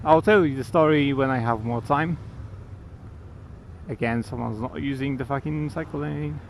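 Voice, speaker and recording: A man's voice: medium pitch, normal speed, gravelly. A man riding a motorcycle through city traffic, talking to his helmet mic about his gear and swearing at other drivers. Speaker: motorcycle vlogger. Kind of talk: riding motovlog commentary. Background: traffic and engine.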